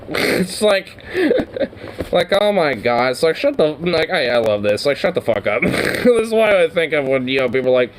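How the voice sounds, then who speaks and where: A man's voice: a little high, sing-song, normal speed, a little hiss or hum. A man casually commenting on clips in a rambling, foul-mouthed way and laughing often. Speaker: streamer reacting to clips.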